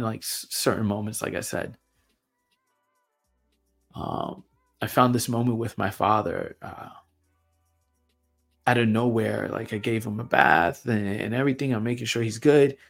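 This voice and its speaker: A young man hosting his own show, talking through personal reflections in a halting way with lots of fillers and repeated words. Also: fairly low pitch, creaky, soft background music. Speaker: podcast host. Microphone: camera mic.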